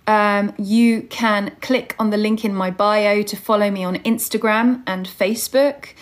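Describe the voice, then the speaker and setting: A young woman hosts a casual livestream from home, speaking slowly and calmly. She greets viewers one by one and reads their star signs back to them. Her voice sits in an ordinary middle register for a woman. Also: medium pitch. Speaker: livestream host and online English teacher. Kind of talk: casual livestream chat reading viewer comments.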